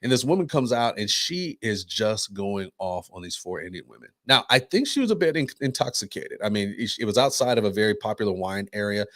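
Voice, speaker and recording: Animated man telling a story on a podcast. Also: lowish voice, a little fast, hardly any pauses, no echo, clean studio sound. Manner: animated storytelling, acts out quoted voices. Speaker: podcast co-host. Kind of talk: casual chat.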